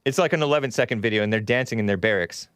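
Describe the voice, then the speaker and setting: A man's voice: fairly low pitch, very fast, clear, resonant tone, no echo, studio quality. A man hosting a talk show, giving rambling, sarcastic political commentary with scornful asides.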